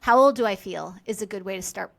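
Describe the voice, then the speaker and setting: A woman guest on a podcast, talking candidly and quickly in a casual conversation, with self-deprecating asides and digressions. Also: mid-range voice, creaky, a bit bright.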